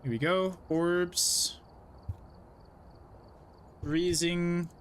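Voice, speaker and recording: A man's voice: sits high, steady tone, a bit bright, a little hiss or hum. A young man streaming a horror game, chatting casually with his viewers and explaining as he plays. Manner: chatty, talks to chat, quick asides and laughs. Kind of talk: casual live-stream chat while gaming.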